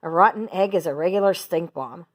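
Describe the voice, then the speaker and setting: A woman voicing a wise, kind female spider in a read-aloud storybook, sweet and calm. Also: fairly low pitch, brisk, natural voice. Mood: gentle.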